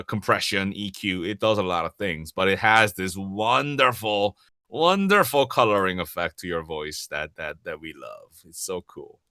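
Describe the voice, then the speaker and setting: A man from Korea with a Korean accent, whose first language is Korean, answering audience questions as a voice actor in a casual Q&A, lively and chuckling often as he restarts and repeats words. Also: fairly low pitch, no echo, studio quality. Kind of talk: casual livestream Q&A.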